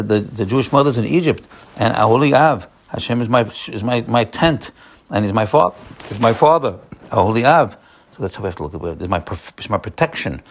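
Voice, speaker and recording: A man giving an earnest, repetitive Torah sermon as a rabbi, coaxing his listeners and sprinkling in Hebrew terms. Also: lowish voice.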